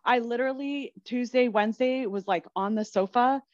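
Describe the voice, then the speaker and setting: A woman's voice: on the high side, normal speed, darkish tone, no room sound. Woman co-host, dry and dull audio. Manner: chatty, agreeable, laughs often. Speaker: podcast co-host. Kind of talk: casual chat. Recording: dry, slightly dull sound.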